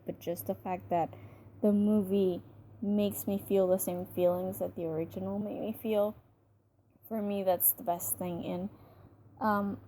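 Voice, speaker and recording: A woman's voice: medium pitch, warm tone, slight background noise. Chatty young woman reviewing a film. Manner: chatty and gushing, many fillers and restarts. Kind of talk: casual spoken movie review.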